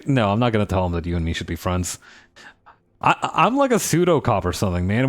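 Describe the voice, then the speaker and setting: A man's voice: fairly low pitch, very animated, brisk. A man streaming a game live, reading aloud and joking, swearing and laughing often.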